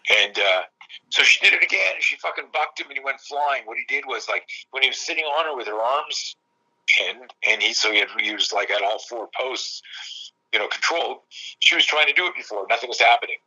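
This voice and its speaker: A man in his fifties, a self-defense coach telling stories in casual conversation, animated and profane, acting out quoted dialogue. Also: mid-range voice, brisk, low-quality recording.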